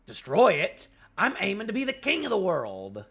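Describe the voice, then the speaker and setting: A man voicing a brash, scheming male pirate captain in a put-on British accent, gruff and boastful. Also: sits high, wildly swooping pitch, moderate pace, fairly bright tone, pitched above the performer's own voice, exaggerated voice.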